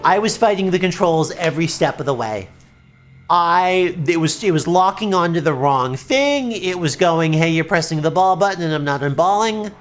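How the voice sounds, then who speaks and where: A woman streaming a video game live, chatting with viewers and yelling at the game when it goes wrong. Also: fairly low pitch, moderate pace, faint music behind. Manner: excitable, yells at the game, then apologizes. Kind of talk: live gameplay commentary.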